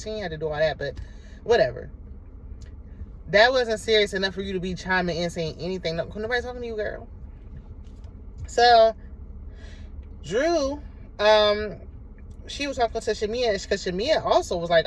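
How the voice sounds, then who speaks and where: A woman with a voice on the high side and lively intonation recaps a reality TV episode at a moderate pace, casual and sassy, talking back at the cast throughout. The audio quality is poor.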